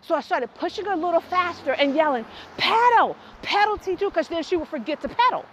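A woman telling a personal story that turns into a faith lesson, animated and quick to laugh. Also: high-pitched, a little hiss or hum.

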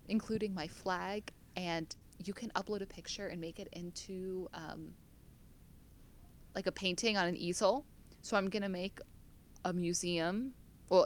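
A young American woman with a voice on the low side co-hosts a casual podcast chat, being chatty and self-deprecating and laughing often at herself. There's slight background noise.

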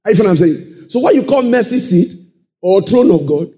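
A man preaching a sermon, calling out to the congregation and swinging into shouted and half-sung phrases. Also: high voice, brisk. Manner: animated call-and-response preaching, sudden shouts and sung phrases.

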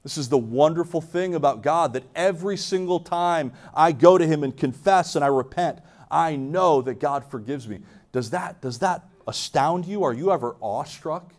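A man's voice: on the high side, a little mellow. A man delivering a sermon as pastor, earnest, with frequent restarts and questions put to the congregation. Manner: earnest, repeats words while restarting, asks the congregation questions.

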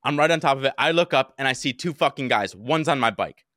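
A young man recounts a story at a rapid clip, his voice bright and forward. He talks in an animated, profane way and acts out his own yells. The mic sound is close and dry. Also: medium pitch, dry recording. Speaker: podcast co-host. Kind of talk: casual storytelling chat.

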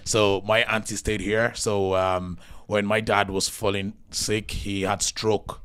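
A man in his thirties from Nigeria, a podcast guest telling lively stories laughter and acted-out voices. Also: fairly low pitch, slow, clear, resonant tone. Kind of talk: casual storytelling interview.

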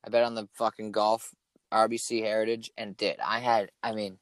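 A young man in casual chat, swearing often and telling stories with animated energy. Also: lowish voice, normal speed, no echo. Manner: swears a lot, animated storytelling.

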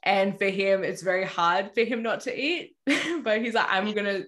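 Woman, average pitch, loose rambling storyteller on a faith chat show. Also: moderate pace, fairly bright tone. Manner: rambling storyteller, many fillers like "anyway" and "you know". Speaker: Christian ministry guest or host. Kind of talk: casual conversation, retelling a story.

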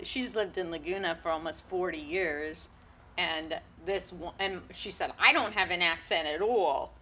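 A woman from California telling a story in casual chat, chatty and animated and quick to laugh. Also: fairly low pitch.

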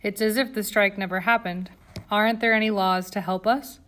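A woman's voice: mid-range voice, fairly even intonation, normal speed, a bit bright, close to an everyday voice. A woman doing an outspoken teen factory girl. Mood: indignant. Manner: indignant, forthright.

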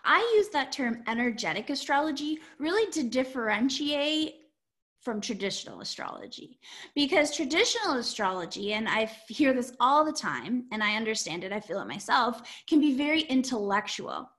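A woman guest talking through her approach to astrology. Her voice sits a little high for a woman and sounds bright. She is animated, laughs easily, and slips into playful quoted voices. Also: normal speed. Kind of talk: explaining in an interview.

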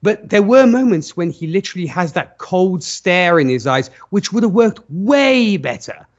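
A man's voice: high-pitched, very animated, normal speed. A man co-hosting a podcast, giving earnest film opinions in long, restarting runs. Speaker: podcast co-host. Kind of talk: casual film review chat. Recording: dull lo-fi audio.

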